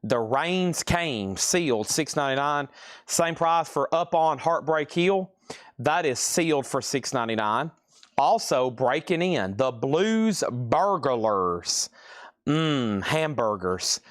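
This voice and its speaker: Southern man, mid-pitched, drawling host voice, dry close sound. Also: a bit bright, smooth, dry recording. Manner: drawls out words; chatty, reads out titles and prices. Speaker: live sale host. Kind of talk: live-stream record sale.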